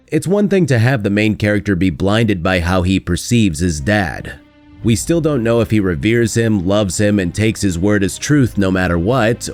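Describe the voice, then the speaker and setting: A man's voice: lowish voice, darkish tone. A man narrating a scripted gaming video essay in a sarcastic, critical way. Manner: sarcastic, critical, mocks lines with quick put-on quotes.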